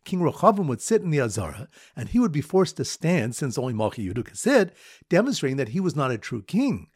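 A man teaching a daily Talmud lesson, telling repeated memory stories and running a quiz, in a lively storytelling manner. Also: medium pitch, quick pace, slightly rough, no room sound, studio quality.

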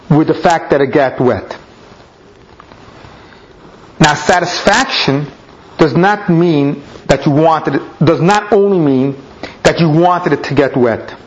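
A man teaching a Talmud lesson, explaining each step and weaving in Hebrew and Aramaic terms. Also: on the high side. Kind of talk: Talmud lecture. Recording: dull lo-fi recording.

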